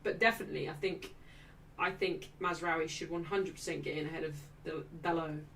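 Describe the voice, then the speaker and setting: A young woman runs a live football watchalong, reacting with excitement and reading out messages from chat. Her voice is bright and forceful. She sits a little back from the microphone. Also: low-pitched, fairly quick, distant mic.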